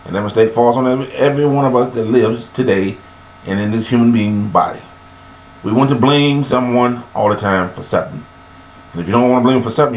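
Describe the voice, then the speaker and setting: A man giving a rambling, preachy monologue about forgiveness, recorded on a webcam, with sudden high-pitched bursts of emphasis. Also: reverberant, slight background noise, rough recording.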